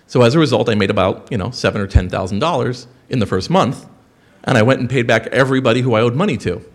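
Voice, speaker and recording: A man in his thirties telling a profane story to an audience, animated, swearing and jumping into quoted voices. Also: mid-range voice, fast talker.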